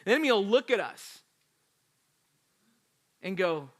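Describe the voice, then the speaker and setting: High-voiced emphatic male pastor. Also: a little slow. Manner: energetic, emphatic storytelling. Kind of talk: sermon.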